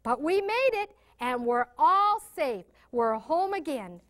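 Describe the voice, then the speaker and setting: A woman's voice: high-pitched, big pitch swings, takes it slowly, exaggerated voice. A woman voicing a brave little boy in a children's story, eager and earnest.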